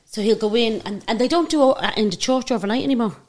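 A woman hosting a relaxed podcast chat, asking curious questions. She talks fast, her voice on the higher side. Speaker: podcast host. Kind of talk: casual chat.

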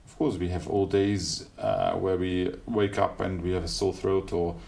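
A man with a German accent, a classical singer speaking thoughtfully as an interview guest, pausing to find words. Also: low voice, little pitch movement, vocal fry, a little mellow. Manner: thoughtful, searching for words with small restarts. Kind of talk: reflective interview conversation. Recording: faint background noise.

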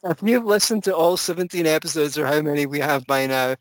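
A man's voice: a little high, no echo. A man hosting a podcast, reading a text aloud and chatting in a playful, jokey way. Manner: playful, jokey, quick to go off on tangents. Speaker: podcast host. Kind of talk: casual chat about philosophy readings.

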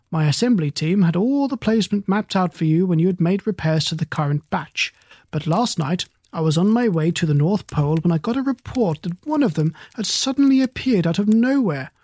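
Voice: medium pitch, darkish tone, slightly rough, no echo. Fussy polite portly old star-keeper, as a storyteller puts him on, fond of fancy words, dry close sound. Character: flustered portly bald older male star-keeper.

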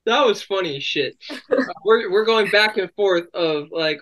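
Male host, bright and punchy, casual, swears a lot, meanders. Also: sits high, normal speed, low-quality recording. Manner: profane, joking, rambling. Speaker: podcast host. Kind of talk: casual chat.

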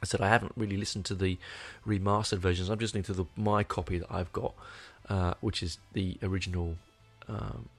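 Low, gravelly man; casual sweary music reviewer, faint music underneath. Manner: rambling, sweary, enthusiastic with restarts. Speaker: album reviewer. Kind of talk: casual spoken album review.

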